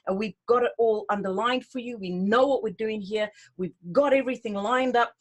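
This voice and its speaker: A woman's voice: fairly high pitch, moderate pace. A middle-aged woman hosting, chatting enthusiastically and informally about an upcoming tour, with many fillers and restarts. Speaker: tour host. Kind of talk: casual promotional talk to camera.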